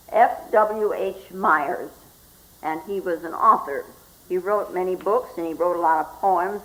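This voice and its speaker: An older woman, a Zen teacher, giving a slow, reflective spoken talk and often asking "hmm?" as she goes. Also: medium pitch, a bit bright, poor audio. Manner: slow and reflective, with frequent questioning "hmm?" asides.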